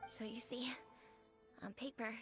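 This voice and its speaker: A woman's voice: a little high, flat delivery, a little slow, a bit bright, faint music behind. A woman voicing a friendly young village woman in a video game, speaking in a thoughtful, explanatory way. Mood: explaining. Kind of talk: game cutscene dialogue.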